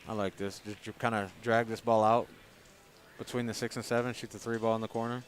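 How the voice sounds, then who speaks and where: A man giving casual live commentary on a pool match, talking through shots in a relaxed, conversational way. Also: lowish voice, brisk, a little hiss or hum.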